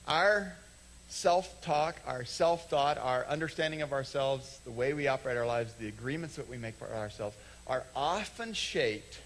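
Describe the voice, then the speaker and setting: A man preaching a sermon from the stage of a church, talking conversationally, acting out short quoted exchanges and slowing down to stress key lines. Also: mid-range voice, expressive, a bit bright, poor audio. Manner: conversational, acts out little quoted dialogues, slows for emphasis. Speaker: pastor. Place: church sanctuary.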